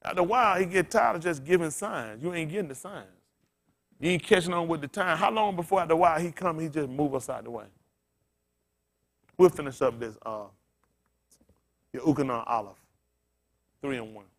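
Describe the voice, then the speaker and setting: A male pastor giving a casual, storytelling sermon, asking his congregation questions and swinging from loud bursts to quiet murmurs. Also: on the high side, a little fast, long pauses. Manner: conversational preaching, swings from loud excited peaks to quiet murmurs.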